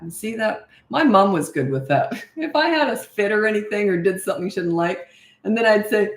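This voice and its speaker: A middle-aged woman who coaches parents, answering viewer questions in a breezy, matter-of-fact way and acting out parent lines in a bright sing-song. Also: medium pitch, lively intonation, a little fast, creaky. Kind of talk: casual Q&A livestream. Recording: echoey room.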